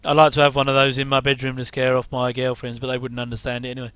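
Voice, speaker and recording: A man's voice: mid-range voice, monotone, racing, a bit bright, smooth, no echo. A middle-aged man giving rambling casual commentary while watching an old TV episode, with wry asides and chuckles.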